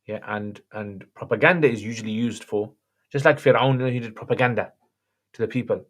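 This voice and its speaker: A man hosting a livestream and answering viewer questions in a relaxed, chatty way. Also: on the low side, a little fast. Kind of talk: casual chat.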